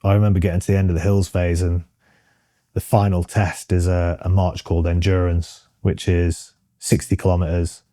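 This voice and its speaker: A man's voice: low-pitched, level tone, moderate pace, warm tone, dry recording, clean studio sound. A British man in his thirties, a guest in an interview, talking frankly with many ums and restarts. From Britain. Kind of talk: casual interview chat.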